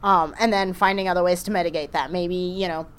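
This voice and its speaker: A woman's voice: on the low side, steady tone, fairly quick, clean tone. A young woman co-hosting a podcast recorded live, talking frankly and chattily and laughing easily. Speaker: podcast co-host. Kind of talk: casual live podcast chat. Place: live event room.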